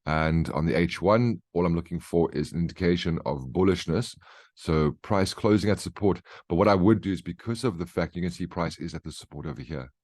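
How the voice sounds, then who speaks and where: A man's voice: deep voice, a little fast, a little mellow, dry recording. A man giving a casual market briefing over charts, explaining his reasoning and often checking in with the listener. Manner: conversational, keeps checking in with "right?" and "okay?". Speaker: trading educator.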